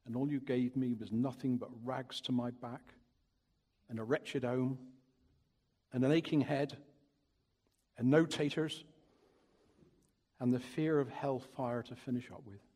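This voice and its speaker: A man's voice: medium pitch, steady tone, a little slow, long pauses, a little mellow, husky. A man voicing a devout, plain-spoken old Cornish working man in rustic Cornish dialect, speaking in a church. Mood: earnest, indignant. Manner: folksy, earnest storytelling in rustic dialect. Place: church during a service. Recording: long reverb of a large hall.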